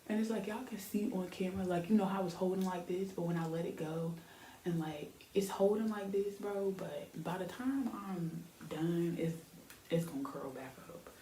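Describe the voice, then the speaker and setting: A woman's voice: fairly low pitch, moderate pace, warm tone. A young woman, chatting casually and rambling with lots of fillers as she does her hair on camera for her vlog. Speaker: beauty vlogger. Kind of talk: casual chat while styling hair. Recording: echoey room, faint background hiss.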